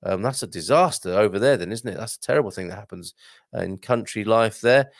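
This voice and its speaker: A man hosting a live stream, chatting and reading out viewer comments with lively exclamations. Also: lowish voice, a little fast, gravelly, dry recording, studio quality. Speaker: host.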